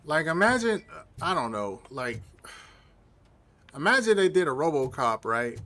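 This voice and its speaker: A man's voice: a little high, big pitch swings, a little slow, sharp tone. Laid-back male gamer rambling. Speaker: gaming channel host. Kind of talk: casual gameplay commentary.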